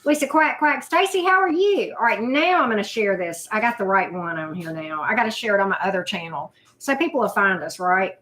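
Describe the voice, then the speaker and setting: A woman's voice: medium pitch, lively intonation, brisk, few pauses, fairly bright tone. A woman, hosting a casual live chat, greeting viewers by name in a loose, self-deprecating way. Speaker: livestream host.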